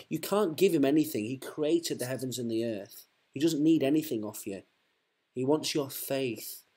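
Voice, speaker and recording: Husky-voiced man preaching earnestly. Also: mid-range voice, darkish tone. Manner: fervent, repetitive, restarts mid-sentence.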